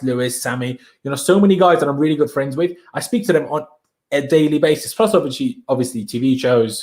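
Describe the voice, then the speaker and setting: A young man from Austria, whose first language is German, chats casually on a live stream, energetic and slangy as he hypes his viewers. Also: medium pitch. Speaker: livestream host.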